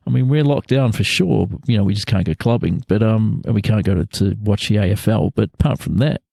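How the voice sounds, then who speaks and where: Speaking from a hotel room during quarantine, an actor chats casually on a video call, rambling through animated stories packed with filler words, laughter and frequent restarts. His voice is lowish and gravelly, fairly quick, with no echo.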